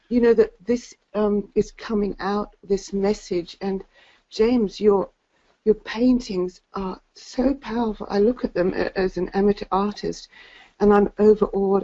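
A woman calling into a webinar from bed, giving an effusive, halting testimony of thanks. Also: medium pitch, fairly even intonation, warm tone. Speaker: webinar caller. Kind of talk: emotional testimony on a call. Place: in bed at home. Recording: muffled lo-fi call audio.

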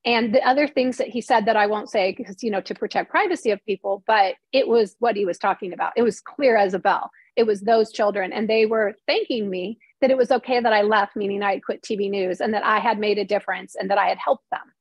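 A woman's voice: medium pitch, fairly quick, hardly any pauses, dry recording. A middle-aged woman, a former TV reporter, telling a personal story in an interview, candid and emotional, acting out what others said to her. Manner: candid and emotional, acts out quoted lines.

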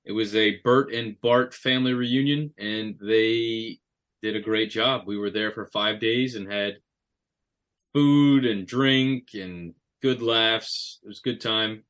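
A man's voice: lowish voice, fairly even intonation, slow pace, a bit bright. A man co-hosting a podcast in casual chat, joking and teasing his partner. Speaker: podcast co-host.

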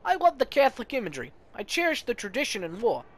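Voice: medium pitch, huge pitch swings, fast talker, slight background noise, voice pushed up. A player voicing a cynical young vampire woman who talks in a profane, sarcastic way. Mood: wry. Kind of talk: voicing game dialogue.

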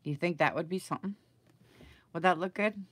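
A woman's voice: on the low side, a little fast, a bit bright, breathy edge, no room sound. A middle-aged woman chatting and thinking aloud while she works on a craft project, asking her viewers for advice as she goes. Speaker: craft video maker. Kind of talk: chatty live crafting video.

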